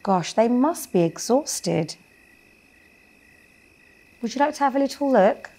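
A woman reading a bedtime story aloud for a children's show, gently pausing to ask the young listeners questions. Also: fairly high pitch, animated.

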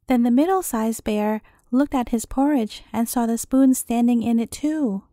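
A woman reading a fairy tale aloud as a bedtime story, in an even, measured way. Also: fairly high pitch, no room sound, clean studio sound.

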